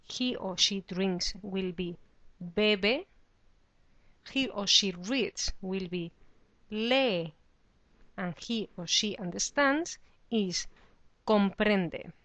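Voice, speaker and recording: A woman's voice: mid-range voice, extremely slow, pauses often, fairly bright tone, no room sound. A woman teaching a beginner lesson, explaining patiently and saying the example words with careful pronunciation. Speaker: Spanish teacher. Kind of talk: slow, clear teaching explanation.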